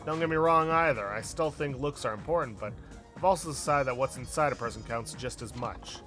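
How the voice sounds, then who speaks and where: A man's voice: medium pitch, brisk, a bit bright, soft background music, lightly acted. A man reading the lines of a brash young female hostess, blunt and slangy. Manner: blunt, slangy, tough-talking.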